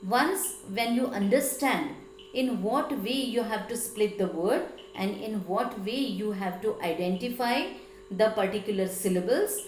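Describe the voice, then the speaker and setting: A woman teacher with an Indian English accent, slowly explaining a lesson, spelling out letters and pausing with fillers. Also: medium pitch, reverberant, low-quality recording. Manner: slow, careful, spelling out letters with frequent fillers.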